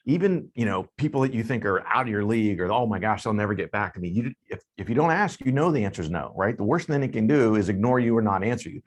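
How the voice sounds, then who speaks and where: A man hosting a talk show, speaking casually with relaxed fillers and restarts. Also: mid-range voice, quick pace, hardly any pauses. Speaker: show host.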